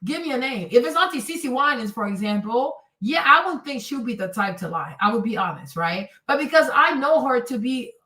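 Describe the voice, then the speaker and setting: A woman hosting a livestream and commenting on clips in a blunt, exclamatory manner. Her pitch swings widely and stays fairly high. The sound is echoey, as if picked up from across a room. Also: expressive, a little fast, hardly any pauses, pushed and bright. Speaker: host. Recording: roomy and distant from the mic.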